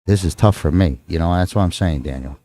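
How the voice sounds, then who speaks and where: A deep-voiced man with a Texan accent commentates live pool, his tone dark and relaxed. He rambles casually and teases his partner between shots. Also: a little fast. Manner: rambling, joking with his co-host.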